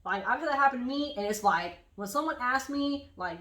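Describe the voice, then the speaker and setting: Podcast co-host, woman, bright voice, animated storyteller, echoey room. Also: on the high side, a little fast. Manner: animated storytelling, acts out quotes. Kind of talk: casual chat.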